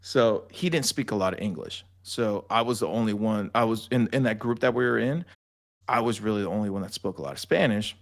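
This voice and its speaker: Casting: young adult man, low-ish voice, profane animated storyteller, casual podcast guest. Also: a little fast, gravelly. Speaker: podcast guest, army veteran.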